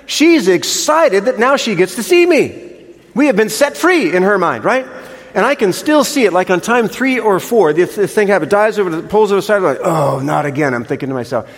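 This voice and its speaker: An older man preaching a sermon, telling a story in an animated, chatty way with frequent restarts. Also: high-pitched, brisk. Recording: long reverb of a large hall.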